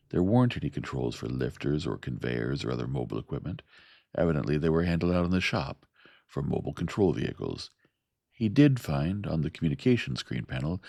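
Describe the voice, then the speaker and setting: A man reading a science fiction novel aloud in a slow, even, soft-spoken narration. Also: extremely low pitch, vocal fry, dry recording, studio quality. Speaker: audiobook narrator.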